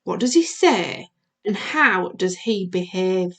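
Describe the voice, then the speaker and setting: A primary school teacher recording a video lesson for young children, asking questions in a sing-song way. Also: female voice, lowish voice, expressive, slow.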